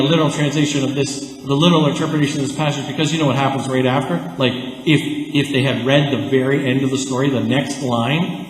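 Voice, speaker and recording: A man from Canada preaching a sermon as pastor, conversational and animated, with lively asides. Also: mid-range voice. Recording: echoey church hall.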